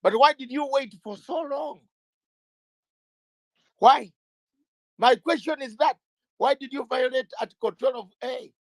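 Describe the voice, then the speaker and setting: A man's voice: very high-pitched, moderate pace, dry recording, poor audio. A man speaking as an interview guest, emphatic and fiery, hammering his points with repeated rhetorical questions and sometimes raising his voice. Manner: repeats words when starting out. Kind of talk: impassioned political talk.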